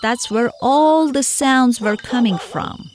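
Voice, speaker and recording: A woman's voice: fairly high pitch, slow pace. A young woman voicing a friendly, curious cartoon guide who coaxes a child along, talking straight to the viewer. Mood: excited. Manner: animated, coaxing, speaks straight to the viewer. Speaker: cartoon voice actor. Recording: clear music underneath.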